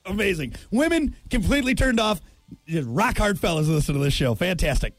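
A man's voice: high-pitched, sing-song, brisk, dry recording. An American man hosting a radio show, joking and rambling in casual banter. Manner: joking, rambling, with frequent impressions. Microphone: studio microphone.

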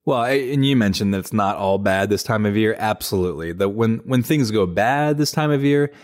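A male faculty member co-hosting a casual chat, telling stories in a relaxed, teasing way with plenty of fillers. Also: fairly low pitch, brisk, no room sound, clean studio sound.

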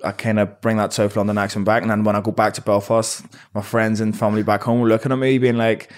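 A man in his twenties with a Northern Irish accent, answering interview questions in a relaxed, rambling way with many fillers. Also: lowish voice, fast, few pauses. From Northern Ireland. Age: 20s. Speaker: professional boxer, guest.

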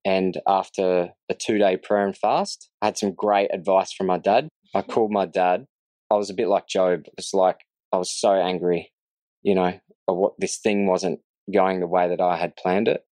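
Man, earnest, reflective, lowish voice, dry close sound. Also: little pitch movement, normal speed, warm tone, dry recording. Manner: earnest and reflective, laughs easily. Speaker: guest sharing his faith story. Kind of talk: casual testimony in conversation.

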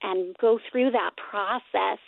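A woman guest on an interview, talking in a rambling, self-correcting way, with a high, squeaky voice. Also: takes it slowly, gravelly, dry recording. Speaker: guest, nonprofit co-founder. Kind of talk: casual interview talk. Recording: dry, phone-like line.

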